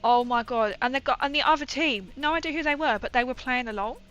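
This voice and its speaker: A woman's voice: high-pitched, fast, fairly bright tone, highs cut off, faint music behind. A young woman chatting casually and rambling through a story while she paints on a livestream.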